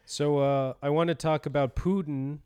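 Young guy podcast cohost, smooth voice, rambly jokey storytelling. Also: fairly high pitch, steady tone, normal speed, a little mellow, dry recording. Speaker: podcast co-host. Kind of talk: casual chat.

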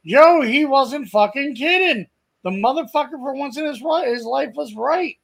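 Male co-host, higher voice, foul-mouthed rowdy storyteller, casual podcast banter. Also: expressive, moderate pace, gravelly. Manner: profane, rowdy storytelling with loud put-on quotes. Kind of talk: crude casual chat.

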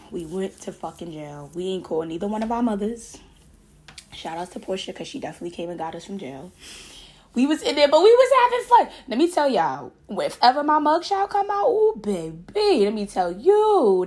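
A woman in her late twenties, a podcast host, telling a story in a casual, profane, animated way and laughing often. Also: on the high side.

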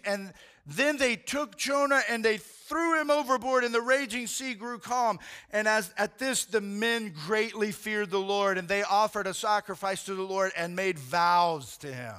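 A man preaching with a high, bright voice that cuts through. He tells the story in animated, casual slang and keeps addressing his listeners as "man.". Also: measured pace, smooth. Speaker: pastor. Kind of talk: sermon.

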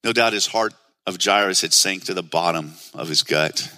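A man's voice: low voice, normal speed, pushed and bright, no room sound. A man preaching a sermon in an earnest, conversational way, asking the listeners many questions. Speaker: pastor.

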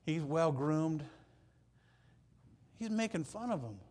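A man preaching a sermon, telling the story with animated, acted-out scenes that swing from loud to hushed. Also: fairly high pitch, slow.

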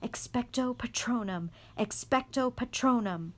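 A woman voicing a desperate teenage boy wizard, yelling and pleading. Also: on the high side, unhurried, pitched above the performer's own voice.

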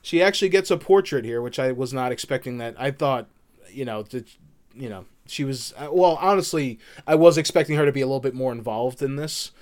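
A man co-hosting a podcast, chatting casually and rambling through a game's story with lots of fillers. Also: mid-range voice. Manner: rambling, many fillers, quotes characters in quick voices. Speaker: podcast co-host. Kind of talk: casual chat recapping a game.

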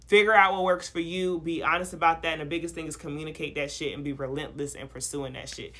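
A young woman hosting a casual podcast, talking in a lively, slangy way and laughing often. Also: deep voice, fast. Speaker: podcast host. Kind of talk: casual podcast chat with freestyle rapping.

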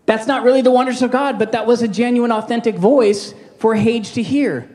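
High voiced guy preaching a sermon, super casual and jokey, keeps checking in with the crowd. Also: steady tone, a little mellow. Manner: conversational and jokey, with quick asides and audience call-outs. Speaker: pastor.

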